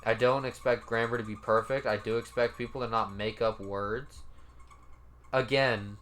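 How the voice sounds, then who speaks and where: A man's voice: medium pitch, steady tone, normal speed, fairly bright tone, slight background noise. A man giving casual, laid-back commentary as he reads out comments, cursing now and then and sounding mildly incredulous. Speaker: commentary YouTuber.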